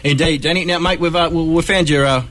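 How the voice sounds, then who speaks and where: A man's voice: a little high, fairly even intonation, fast, a loud crowd. A man hosting a radio show, jokey and chuckling while he banters. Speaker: radio host. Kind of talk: laid-back radio banter.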